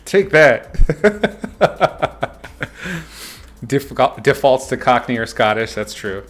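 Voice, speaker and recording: A man's voice: medium pitch, steady tone, slow pace, fairly bright tone. A man talking casually to his viewers on a livestream, answering chat and laughing often. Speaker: streamer chatting with viewers while painting.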